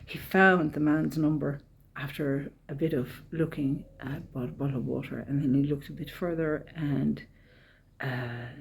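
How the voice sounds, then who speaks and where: An Irish woman on a walking pilgrimage chats casually to camera in a travel vlog, telling the day's story and retelling conversations while emotional and close to tears. Her voice sits low with a darkish tone, and there's a little hiss or hum.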